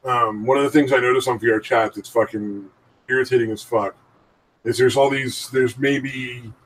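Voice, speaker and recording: A man's voice: medium pitch, fairly even intonation, normal speed, a bit bright, recorded from a distance, a little hiss or hum, rough recording. A man co-hosting a casual podcast chat, rambling and swearing freely and laughing often. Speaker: podcast co-host.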